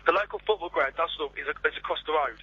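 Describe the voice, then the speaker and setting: A man's voice: a little high, very fast, husky, no room sound. A male singer calling in to a radio show, chatty and stumbling, repeating himself as he talks, heard over a phone line. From England. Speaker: pop singer, phone guest. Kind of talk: casual phone interview.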